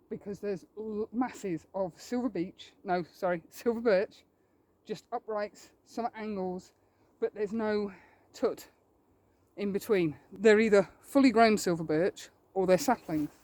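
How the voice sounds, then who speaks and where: Her voice is mid-range and a little mellow. She's an English landscape photographer narrating an outdoor vlog in the woods, a bit breathless from walking and thinking aloud in a self-deprecating way.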